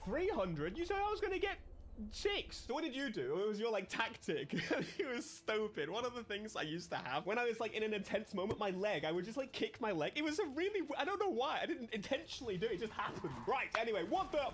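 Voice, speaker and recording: Man, let's-play commentary, animated, high-pitched. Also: fast. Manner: animated, excitable, talks to the game. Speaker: gaming streamer.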